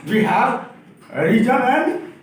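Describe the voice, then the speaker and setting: A man's voice: extremely high pitch, big pitch swings, slow. A man with an Indian English accent lecturing teachers at a workshop, emphatic and asking the room questions. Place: classroom or hall. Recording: very echoey room, distant mic, faint noise.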